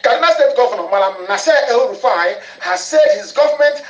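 A man's voice: extremely high pitch, lively intonation, moderate pace, faint music behind. A man giving an angry, ranting broadcast monologue, hammering points home by repeating phrases. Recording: echoey room, dull lo-fi audio.

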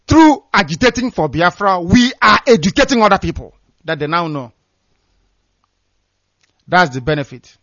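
Heard through a muffled, echo-free recording, a fairly high, slightly bright male voice belongs to a radio broadcaster from Nigeria. His political commentary is fiery and scornful, and he hammers his points home by repeating phrases.

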